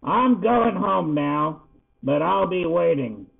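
A man's voice: high voice, slow pace, voice pushed up, full character voice. A man voicing a grumpy, demanding old male porcupine who grumbles his words. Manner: gruff, grumbling. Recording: tinny phone-like sound.

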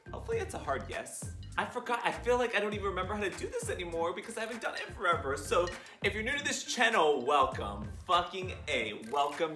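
A man hosting a music video reaction vlog, talking in a profane, flamboyant and excitable way. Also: on the high side. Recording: roomy echo with music playing.

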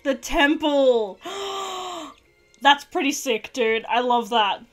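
A young woman hosting a TV episode reaction vlog, talking excitedly, gasping and exclaiming out loud as she watches. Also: high-pitched, slow pace, faint music behind. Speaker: YouTube reaction host.

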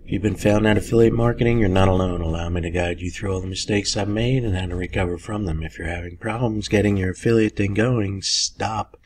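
A man hosting a casual screen-recorded software tutorial, folksy and chatty with lots of "okay"s. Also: low voice, steady tone, fairly quick, hardly any pauses, slight background noise. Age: older. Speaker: tutorial host.

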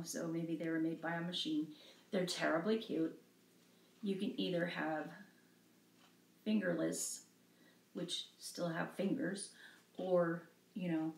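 A middle-aged woman with a low, gravelly voice talks through her supplies at home, chatty and self-deprecating. She trails off and laughs often, and the room around her rings with echo. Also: slight background noise. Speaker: craft vlogger showing cross-stitch supplies. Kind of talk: casual rambling show-and-tell.

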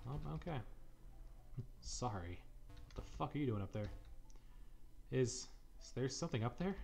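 A man's voice: mid-range voice, animated, normal speed, creaky, pauses often, darkish tone. Man, let's play commentary, sarcastic, swears a lot, desk mic, faint game music. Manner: sarcastic, profane, irreverent. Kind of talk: casual gameplay commentary.

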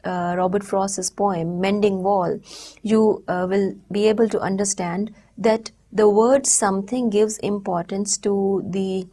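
A woman giving a recorded university lecture, explaining step by step in a measured way with frequent pauses. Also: medium pitch, fairly even intonation, dark tone, slightly rough.

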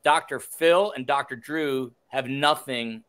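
Male podcast host from New Jersey, clear voice, casual and self-deprecating. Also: mid-range voice, slow pace, fairly bright tone. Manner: chatty, self-deprecating, reads questions aloud. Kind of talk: casual chat, reading listener questions.

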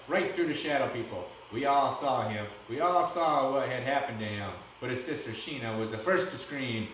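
Guy reading a book out loud to his class, echoey room, mic kinda far off. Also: medium pitch, slight background noise. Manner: steady, with small restarts. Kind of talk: reading a storybook aloud.

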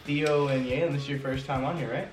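A man's voice: medium pitch, fairly even intonation, fast, far from the mic. A young man hosting a casual vlog chat with friends, talking in laid-back slang. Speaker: vlog host. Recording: roomy, off-mic with music behind.

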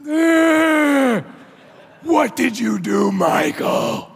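A shrill, high, exasperated wife scolds her husband at full voice, as a man puts her on in a keynote. Her words ring out with the long reverb of a large hall. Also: big pitch swings, extremely slow, husky, raised voice, exaggerated voice. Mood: yelling.

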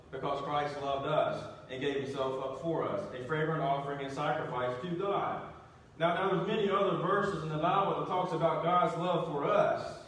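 A pastor preaching a sermon in a church sanctuary, his voice set somewhat high for a man. He keeps it conversational, putting questions to the congregation and restarting his sentences with repeated words. The mic sits far from him, so the hall's heavy echo and a faint hum of room noise surround everything he says. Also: a bit bright. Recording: echoey church, distant mic.

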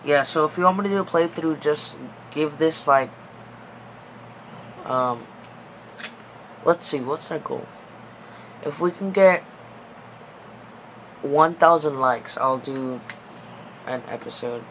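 Excitable young man, panicky game commentary. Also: fairly high pitch, slow pace, pauses often. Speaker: gaming video host. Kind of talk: gameplay commentary. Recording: noisy background.

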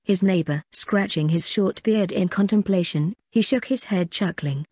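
A woman narrating an audiobook in a steady, even reading. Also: medium pitch, moderate pace, hardly any pauses, husky, no room sound, studio quality. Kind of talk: scripted narration.

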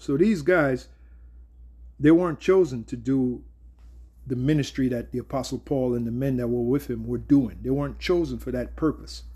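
A man teaches scripture in a loose, conversational way. His voice is husky and dark in tone. He restarts phrases and keeps checking in with his listeners. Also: mid-range voice. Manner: conversational, repeats words, asks "all right?". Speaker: Bible teacher. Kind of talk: casual Bible teaching.

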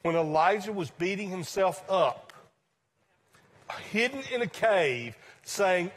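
A male pastor with a high, light voice delivers a sermon to a church congregation. He preaches slowly and deliberately, in a conversational yet emphatic way, swinging between raised points and hushed asides. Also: lively intonation, slightly rough. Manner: conversational, emphatic preaching with sudden drops to quiet.

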